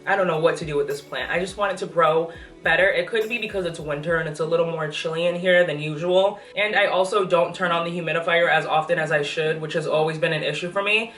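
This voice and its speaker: A woman's voice: on the low side, fast, fairly bright tone. A young pregnant woman chatting enthusiastically through a casual plant update vlog, a little out of breath. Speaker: plant vlogger. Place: apartment room with plants, indoors. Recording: echoey room, voice from a distance, faint music.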